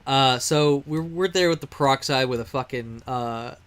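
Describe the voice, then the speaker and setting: His pitch is medium, his pace moderate, and his tone fairly bright. He's a Texas gamer on a stream, casually telling a meandering tale peppered with fillers and chuckles.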